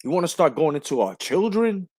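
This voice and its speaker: A man's voice: a little high, very animated, fairly quick, darkish tone, no echo. A man hosting a casual boxing livestream, talking in a heated, profane way and often repeating himself. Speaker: livestream host.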